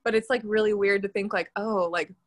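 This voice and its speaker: A young woman, a college student, chatting casually in a quick, giggly way full of "like" and fillers. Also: medium pitch, fairly even intonation. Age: young adult. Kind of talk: casual chat.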